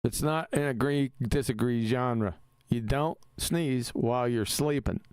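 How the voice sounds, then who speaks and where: A man's voice: medium pitch, measured pace, a little mellow, clean tone, dry recording. A man hosting a casual live stream, talking in an emphatic, argumentative way and laughing easily.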